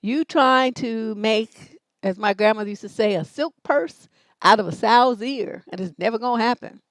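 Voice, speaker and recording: A woman's voice: fairly high pitch, normal speed, no echo. A middle-aged woman hosting a livestream relationship advice show, talking bluntly and with plenty of swearing. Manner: blunt, profane, brash storytelling.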